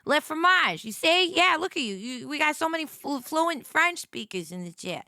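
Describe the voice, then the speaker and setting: A woman's voice: high voice, lively intonation, moderate pace, bright, forceful tone, dry recording, clean studio sound. A woman livestreamer chatting casually with her viewers, playful and rambling, often stammering and repeating herself. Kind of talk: casual stream chat.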